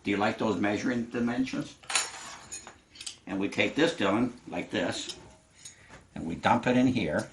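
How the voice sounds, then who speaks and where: Older guy, kinda low voice, walking a kid through a recipe in the kitchen, patient and encouraging, dishes clinking faintly. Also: a little hiss or hum. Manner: patient, encouraging, step-by-step instruction. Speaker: home cook teaching a grandchild. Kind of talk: casual cooking lesson. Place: home kitchen.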